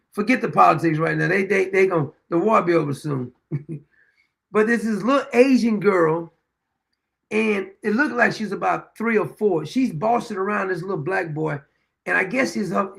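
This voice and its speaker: A man's voice: high voice, vocal fry, a bit bright. A man in his fifties hosting a show, telling folksy anecdotes in a casual monologue, chuckling often and repeating phrases for emphasis. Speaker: show host.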